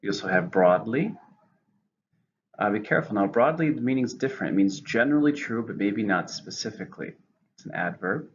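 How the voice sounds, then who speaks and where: Brief: male English teacher, deep gravelly voice, careful slow delivery, lo-fi recording with faint hiss. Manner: slow, careful enunciation of words. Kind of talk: vocabulary lesson. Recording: lo-fi with faint noise.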